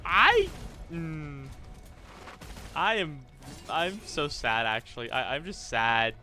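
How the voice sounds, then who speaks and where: A man's voice: on the high side, big pitch swings, slow pace, bright, forceful tone, soft background music. A man commentating his own live game stream, thinking aloud, stammering and repeating phrases, and swearing when things go wrong.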